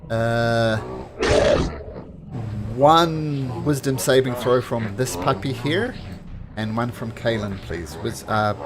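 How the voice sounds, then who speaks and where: A man running a tabletop game as game master, narrating animatedly with chuckles and quick self-corrections. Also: medium pitch, heavy background noise.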